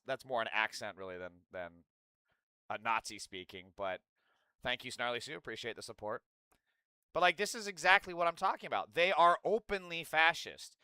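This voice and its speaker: A man's voice: medium pitch, animated, moderate pace, bright, forceful tone, smooth, no echo. A man giving angry, profane, sarcastic live political commentary and answering his chat. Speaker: streamer host.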